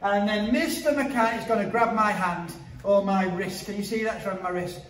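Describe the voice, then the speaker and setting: A man's voice: sits high, moderate pace, fairly bright tone. A man, a martial arts instructor, teaching a children's class to camera in an upbeat, playful way, counting drills and joking. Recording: echoey hall, far from the mic.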